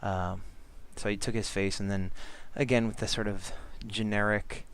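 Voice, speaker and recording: A man's voice: lowish voice, level tone, normal speed, fairly bright tone, clear, resonant tone. A man vlogging about making comics, talking casually with lots of fillers and restarts while he draws. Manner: rambling, many fillers and restarts. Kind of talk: casual chat over drawing.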